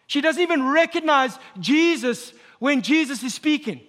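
A married man preaching a sermon as pastor, emphatic and building to near shouts. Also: extremely high pitch. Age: adult, married. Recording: long hall reverb.

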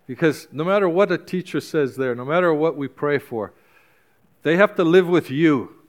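A man's voice: fairly high pitch, lively intonation, normal speed. A male pastor preaching a sermon with passion, urging and exhorting his congregation with repeated calls.

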